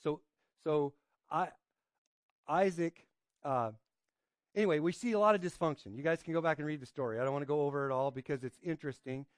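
A man with a fairly high voice preaches an informal sermon. He asks his listeners questions and checks in with "right?". He often stops on fillers and restarts. The sound is dry and close. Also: a little fast, pauses often, no echo. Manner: hesitant, with frequent fillers and restarts. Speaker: pastor. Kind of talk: conversational sermon with scripture reading.

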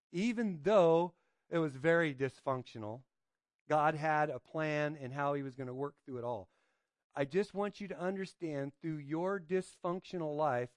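A man with a fairly high voice preaches an informal sermon. He asks his listeners questions and checks in with "right?". He often stops on fillers and restarts. The sound is dry and close. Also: no echo. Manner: hesitant, with frequent fillers and restarts. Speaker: pastor. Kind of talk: conversational sermon with scripture reading.

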